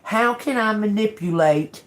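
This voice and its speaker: A woman's voice: mid-range voice, measured pace. A woman giving a casual tarot reading to her viewers, blunt and emphatic, cursing freely and often checking in with "okay?". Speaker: tarot reader.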